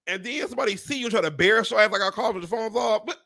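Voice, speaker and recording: A man telling animated, profane stories to live viewers, with preacher-like exclamations. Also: high-pitched, rapid-fire, gravelly, no echo, studio quality. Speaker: real estate agent hosting a live stream. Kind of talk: casual storytelling to live viewers.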